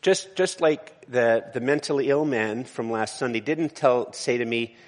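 A man's voice: medium pitch, a little slow, in a large hall. A man, a pastor, preaching a conversational sermon in a church, with frequent restarts and asides.

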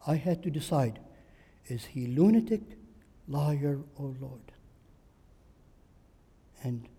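A man's voice: medium pitch, animated, slow, mellow, breathy edge, in a large hall. A man preaching a sermon, driving his points home with emphatic rhetorical questions and repetition.

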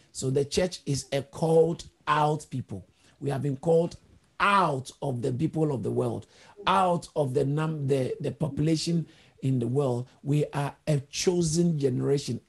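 A male pastor delivering a sermon, unpacking word roots step by step like a patient teacher. His voice is gravelly and husky, sitting fairly high for a man.

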